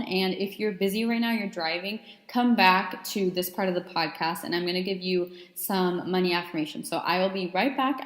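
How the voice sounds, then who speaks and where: Chatty young woman in an echoey room. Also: on the low side. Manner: chatty, earnest, many "like" fillers. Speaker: podcast host. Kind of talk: casual self-help podcast monologue. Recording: echoey room with long reverb.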